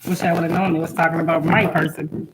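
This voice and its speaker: A young woman hosts a casual home livestream as a spiritual reader, laughing while talking to her kids. Her voice is low and level, she speaks quickly, and there's background noise.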